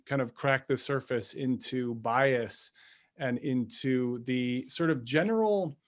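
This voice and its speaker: A man who works as a public speaker, giving a fluent, measured answer on a video call panel. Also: medium pitch.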